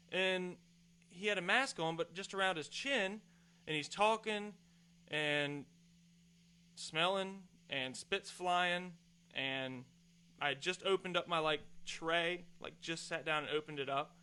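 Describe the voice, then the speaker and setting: A man's voice: fairly high pitch, bright, forceful tone. A man hosting a podcast, telling a heated, profane, exasperated story in a casual rant. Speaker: podcast host. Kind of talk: casual ranting monologue.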